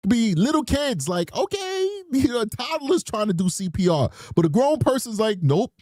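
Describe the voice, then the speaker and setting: A high, lively male voice swings widely as he riffs on the case. His commentary is emphatic and scornful, and the sound is dry and close-miked. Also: normal speed, no room sound. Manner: emphatic, mocking, mimics people in bursts. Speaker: true crime stream host. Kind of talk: animated live-stream commentary.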